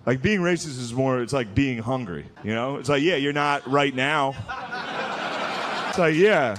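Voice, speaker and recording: A man in his thirties doing a stand-up comedy set, mostly deadpan but breaking into loud mocking voices. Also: mid-range voice, a little slow. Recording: live club set with audience laughter, background noise.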